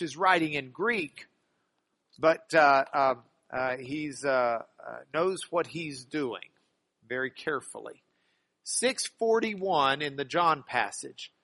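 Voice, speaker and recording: A man's voice: a little high, sharp tone. A man preaching a sermon, rambling and often repeating and restarting his words.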